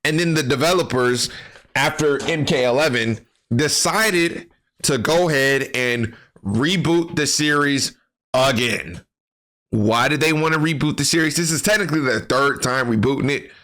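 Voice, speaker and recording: A man's voice: medium pitch, moderate pace, a bit bright. A man giving casual, rambling gaming commentary full of profanity and slang.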